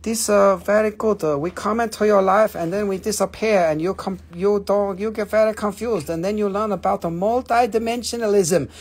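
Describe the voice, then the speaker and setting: A man's voice: sits high, steady tone, normal speed, hardly any pauses, breathy edge. A man voicing a mischievous talking crystal, speaking playfully in clipped, broken phrases.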